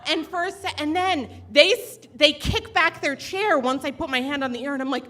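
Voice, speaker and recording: A woman's voice: sits high, moderate pace, sharp tone. A woman telling a personal story live on stage into a microphone, in a chatty, self-mocking way full of fillers.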